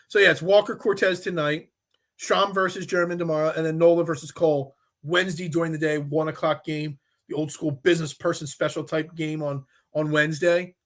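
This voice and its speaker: A male sports talk host who argues his points, stacking restarts and repeated phrases. His voice sits high and sounds bright and forceful. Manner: animated, repeats himself when making a point.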